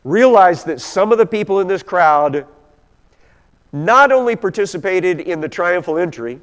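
A man's voice: high voice, expressive, moderate pace. Preaching man in a reverberant hall. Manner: expository preaching, reads scripture aloud with rising intensity. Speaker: pastor. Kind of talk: sermon.

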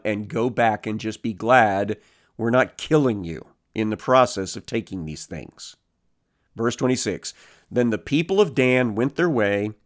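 A man leads a verse-by-verse Bible lesson, reading each passage and then explaining it in an easy, conversational way. His voice sits in an ordinary middle pitch, and he slips into animated voices when he retells what people in the story said. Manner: reads verses, then paraphrases casually with animated character voices. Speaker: Bible teacher. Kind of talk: expository Bible teaching.

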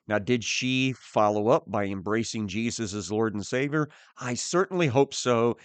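Guy preaching real slow and careful, lowish voice, dry sound. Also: no echo. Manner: slow, deliberate teaching with pauses. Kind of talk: sermon.

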